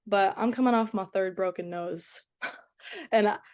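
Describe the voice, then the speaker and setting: A woman's voice: mid-range voice, a little slow, a little mellow. A young woman with a slight Boston accent, a college athlete chatting as a podcast guest, laughing often and using lots of fillers. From Boston area. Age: young adult. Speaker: guest, college soccer goalkeeper. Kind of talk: casual interview chat.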